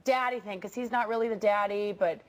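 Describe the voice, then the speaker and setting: A woman's voice: mid-range voice, a little fast. A woman hosting a talk show, gushing and enthusiastic with her guest. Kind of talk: chatty talk show interview.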